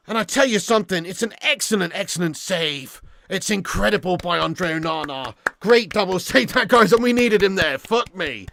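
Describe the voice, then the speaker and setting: High-pitched bloke doing a live footy watch-along, swears loads, dry close mic. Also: male voice, normal speed, creaky, hardly any pauses, no echo. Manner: excitable, swears freely, swings from muttering to shouting. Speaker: fan channel host.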